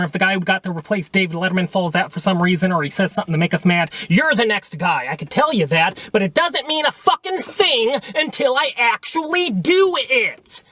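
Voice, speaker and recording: A man's voice: sits high, brisk, fairly bright tone, dry recording. A man delivering a combative, mocking rant at another video maker to his camera. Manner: combative, mocking, repeatedly says okay and pal. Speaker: vlogger. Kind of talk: ranting response video.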